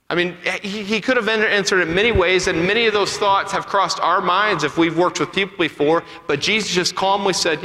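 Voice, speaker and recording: A man preaching a sermon, swinging between loud emphatic peaks and quiet asides. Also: a little high, fairly quick, few pauses. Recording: echoey hall with long reverb.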